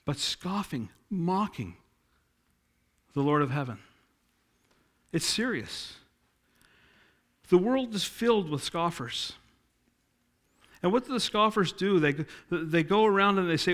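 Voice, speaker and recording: A man's voice: high voice, expressive, takes it slowly, pauses often, a bit bright. A middle-aged man preaching a sermon, telling stories and acting out quoted dialogue with emphasis.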